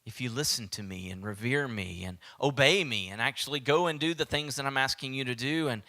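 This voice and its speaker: Southern guy preaching, bright forceful voice, animated, acts out the voices, drops to a whisper sometimes. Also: mid-range voice, a little fast. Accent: Southern American. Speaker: pastor. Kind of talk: sermon.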